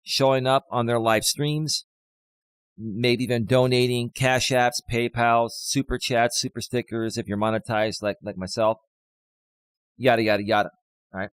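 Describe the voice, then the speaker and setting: A man hosts a live coaching stream while fighting a cold, a little out of breath. He is mid-pitched and emphatic, repeating his key points slowly. His voice is close and dry, with no room sound. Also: level tone, smooth, no room sound. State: has a cold, a bit out of breath.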